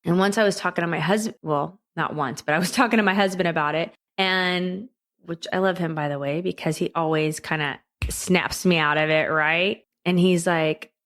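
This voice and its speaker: A woman's voice: on the low side, moderate pace, a bit bright. A woman hosting her own podcast, talking alone in a chatty, conversational way and often checking in with the listener. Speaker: podcast host. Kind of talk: solo podcast monologue.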